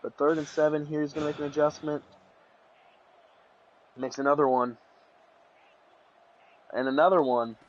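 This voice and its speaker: A man's voice: on the high side, normal speed, pauses often, highs cut off, a little hiss or hum. Rambling young male game commentator. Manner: rambling, restarts, bursts of excitement on big plays. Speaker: play-by-play commentator. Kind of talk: casual video game commentary.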